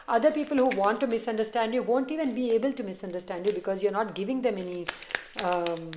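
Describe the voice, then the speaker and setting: A chatty woman reads tarot for her viewers in an encouraging, easygoing way, and now and then her voice sinks to a soft murmur. Her voice sits at a middling pitch. It is recorded on a phone in a noticeably echoey room. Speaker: tarot reader. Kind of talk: casual tarot reading to camera. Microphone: phone camera.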